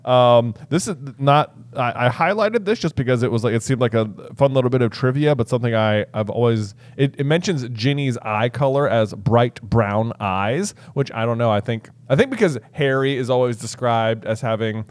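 A man's voice: medium pitch, moderate pace, hardly any pauses, no echo. A man in his thirties co-hosting a casual book podcast, reading passages aloud and reacting with animation. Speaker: podcast co-host.

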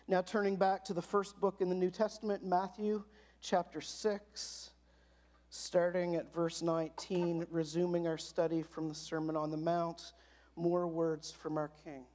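A woman pastor giving a sermon, reading scripture slowly and with strong emphasis between nervous asides. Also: on the low side, flat delivery, warm tone. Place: church sanctuary.

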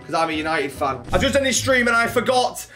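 An excitable young man with a fairly high voice opens football card packs, muttering at the duds and shouting at the big pulls. He swears freely. Loud music plays under the whole recording. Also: fast. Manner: swears a lot, shouts when excited, mutters when cards are poor. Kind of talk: excitable card-opening commentary.

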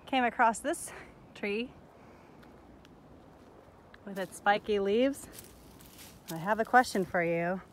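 A woman's voice: medium pitch, takes it slowly, pauses often, slight background noise. Woman teaching kids on a forest walk. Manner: curious, questioning, talks to viewers directly. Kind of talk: outdoor nature lesson for children. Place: forest trail outdoors.

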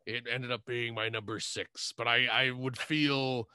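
A man playing a lewd, mischievous male Devil and fallen angel in a comedy bit on a video call, with a gravelly, pirate-like growl. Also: medium pitch, steady tone, measured pace, pushed and bright, dry recording, studio quality. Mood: mock-grand. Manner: leering, teasing, cackling.

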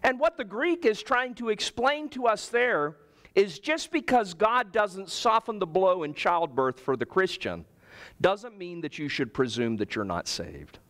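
A man preaching a sermon as pastor, telling personal stories with humor in an animated way. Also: fairly high pitch. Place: church.

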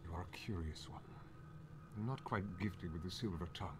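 A man voicing a cold, sinister aristocratic lord in a low, menacing murmur over noisy stream audio. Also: moderate pace, lightly acted.

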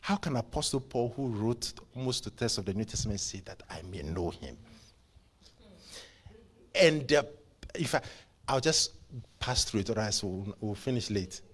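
A man preaching a church sermon, impassioned, with stammering repeats, dropping to hushed whispers and then rising to loud bursts. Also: lowish voice, animated, normal speed, husky. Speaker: pastor. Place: church service.

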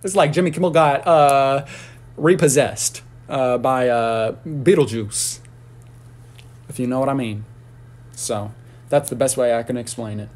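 A man ranting on a casual livestream, rambling and profane, with sudden high squeals and shouts. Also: unhurried, long pauses.

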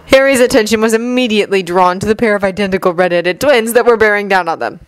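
A woman narrating a fan fiction audiobook in a steady storytelling manner. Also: medium pitch, fairly quick, few pauses, clean tone, no room sound, low-quality recording.

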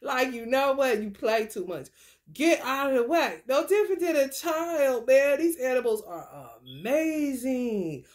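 A high-pitched woman speaking with in a loose, chatty spiritual talk. She laughs often and swings from low murmurs to bright bursts. It sounds like a tarot reader talking straight to her viewers. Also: lively intonation, a little slow. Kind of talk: casual spiritual monologue.

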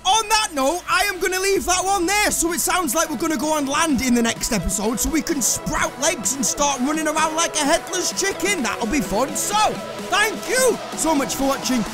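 A man commentating on a video game he plays, excitable and full of swearing, yelps and laughs. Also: very high voice, normal speed, over music. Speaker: gaming video host. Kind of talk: let's play commentary.

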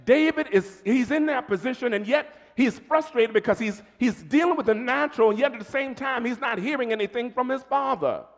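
Man preaching, American accent, high lively voice, long church reverb. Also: a little fast, few pauses. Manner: animated preaching, calls to congregation. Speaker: pastor. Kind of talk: sermon. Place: church sanctuary.

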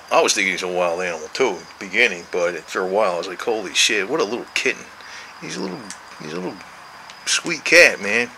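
Rambling, cussing man in his sixties, bright tone. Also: lowish voice, slight background noise, low-quality recording. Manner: meandering, profane, coaxing talk to the cat. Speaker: vlogger, cat owner. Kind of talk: rambling casual chat to his cats.

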